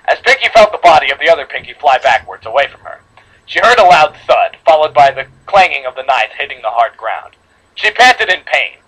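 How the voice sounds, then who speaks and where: A man's voice: on the high side, a bit bright, slightly rough, low-quality recording. A man reading a horror fan story aloud to friends, dramatic, with slips and re-reads. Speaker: story reader.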